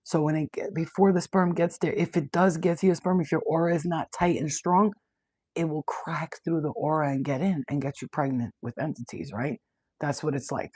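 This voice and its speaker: A woman's voice: deep voice, darkish tone, slightly rough, dry recording. A woman, a spiritual reader, talking casually and bluntly to her viewers, swearing freely. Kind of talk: casual direct-to-camera chat.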